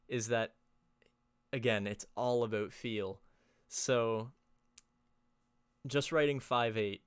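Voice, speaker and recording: Young male presenter, casual lesson delivery, smooth voice, dry close mic, lots of ums. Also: mid-range voice, no echo. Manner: relaxed, many fillers and restarts. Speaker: music theory presenter.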